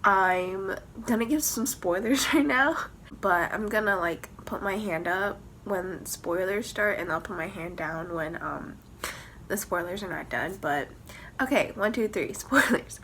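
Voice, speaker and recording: Young woman book vlogger, dramatic and emotional, mid-pitched, faint hiss behind. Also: animated, a little slow, a bit bright. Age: young adult. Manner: emotional, swearing, laughing, dramatic ranting. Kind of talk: casual vlog chat.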